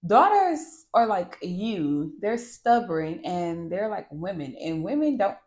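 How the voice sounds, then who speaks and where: A woman hosting a podcast, talking candidly and bluntly about parenting, swearing freely in a lively, animated way. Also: on the low side, takes it slowly. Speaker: podcast host. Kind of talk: candid monologue.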